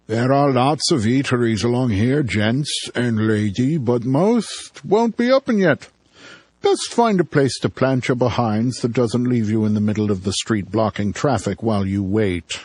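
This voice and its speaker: A man doing a husky, drawling small-town cop. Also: mid-range voice, darkish tone, no room sound, pitched above the performer's own voice. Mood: bossy. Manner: slow, drawling, condescending. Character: gruff small-town male cop, bossy and threatening. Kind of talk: audiobook character voice.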